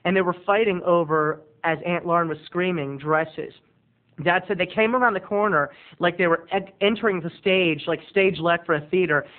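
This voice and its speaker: A man, a video blogger, telling a comic family story straight to the camera in a rambling, excitable, camp manner. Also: high voice, normal speed. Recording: lo-fi, phone-like webcam audio.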